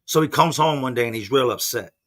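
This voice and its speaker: Pushed and bright at a medium pitch, this man talks a little fast. He's a podcast host in his forties doing casual storytelling, spinning a loose, slangy personal tale and noting he just got up and isn't a morning person.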